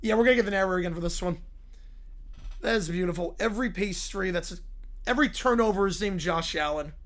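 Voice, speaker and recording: A man casually hosting a livestream, relaxed and reacting as he reads viewer messages aloud. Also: sits high, quick pace. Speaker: livestream host.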